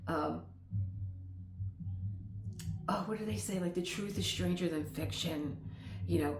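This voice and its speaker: A woman's voice: fairly low pitch, unhurried, echoey room. A middle-aged woman vlogger talking casually at home, rambling into tangents and laughing often. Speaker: lifestyle vlogger. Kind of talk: casual chat.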